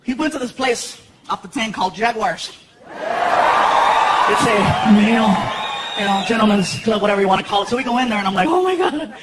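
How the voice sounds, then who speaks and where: A man from Los Angeles doing a stand-up comedy routine, telling animated, self-mocking stories on a theater stage. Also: sits high, a little fast, pauses often, heavy background noise. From Los Angeles, USA. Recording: echoey theater with roaring crowd.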